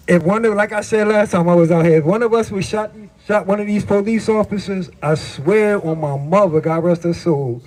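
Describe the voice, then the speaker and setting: A man's voice: a little high, mellow. A man from New Jersey giving an emphatic protest speech at an outdoor street rally, picked up by a handheld camera mic. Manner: emphatic, street-talk, repeating questions. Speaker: rally speaker.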